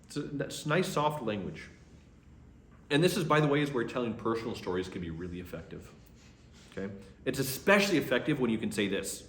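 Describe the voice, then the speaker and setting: A man's voice: medium pitch, sing-song, a little fast, slight background noise. A man, a priest, teaching a class in a conversational way and acting out sample conversations. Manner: conversational, acts out sample dialogue. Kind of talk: lecture to a class. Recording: echoey room.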